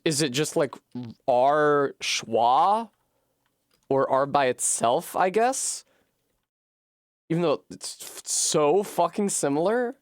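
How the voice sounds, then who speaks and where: A man streaming a game from home, working through a puzzle out loud at a desk microphone with frequent swearing and frustration. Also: fairly high pitch, animated, slow, pauses often, no echo, clean studio sound. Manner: profane, puzzling aloud, frustrated. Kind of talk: live-streamed gameplay commentary.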